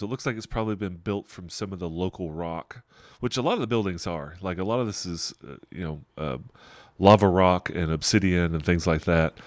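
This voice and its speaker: A middle-aged man runs a tabletop game in a fairly low voice, wandering through his scene descriptions and chuckling along the way. The sound is dry and close, with no room around it. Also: no echo. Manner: rambling, digressive scene description with frequent chuckles. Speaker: game master.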